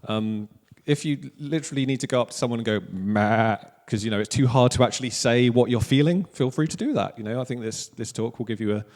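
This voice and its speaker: Welsh male pastor, 30s, casual self-mocking sermon, mid-pitched voice, long church reverb. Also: fast talker, a little mellow. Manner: casual, joking, self-deprecating preaching. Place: church hall.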